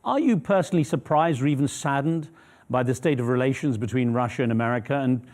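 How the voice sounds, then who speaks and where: Brisk male news presenter. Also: mid-range voice, a little mellow. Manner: probing, measured questions. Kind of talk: news interview questioning.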